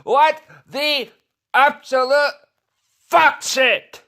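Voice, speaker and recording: A man's voice: very high voice, steady tone, very slow, sharp tone. A man delivering a furious, profanity-filled rant to the camera, swearing nonstop and tripping over his words. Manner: furious, swearing constantly, stumbling restarts.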